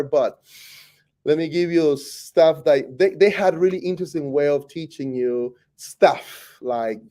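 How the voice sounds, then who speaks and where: A man from Costa Rica with a Costa Rican Spanish accent, a teacher telling his life story in an animated, rambling way full of self-corrections. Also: medium pitch. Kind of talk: personal storytelling interview.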